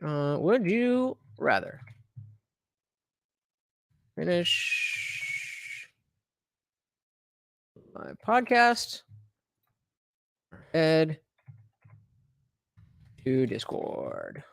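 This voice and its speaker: A male livestream host reacts to clips in a lively, up-and-down voice. His speech is full of hesitations and fillers. The sound is dry and close. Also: on the high side, extremely slow, vocal fry, pauses often, dry recording. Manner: confused, hesitant, many fillers.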